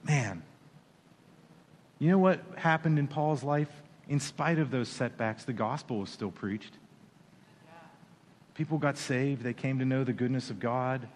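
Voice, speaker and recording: A man preaching a sermon as pastor, animated, with playful asides and acted-out quoted voices. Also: mid-range voice, unhurried, pauses often, long reverb tail.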